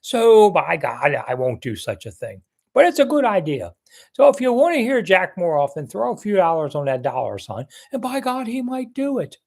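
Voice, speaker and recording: A man doing an impression of a gruff old male team owner who curses and says "by God", in a soft voice that is not loud. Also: high-pitched, sing-song, normal speed, voice pushed up, full character voice. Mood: blustery.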